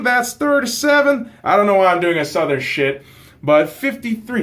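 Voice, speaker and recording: Young man hosting a casual football season review, ranting with lots of swearing. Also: on the high side. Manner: profane, animated ranting. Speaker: host.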